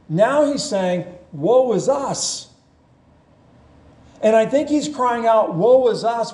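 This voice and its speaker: A man preaches with slow, deliberate emphasis, his voice high yet mellow. He reads scripture aloud and unpacks it for the congregation. The sound carries the roomy echo of a church sanctuary. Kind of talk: sermon. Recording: echoey church room.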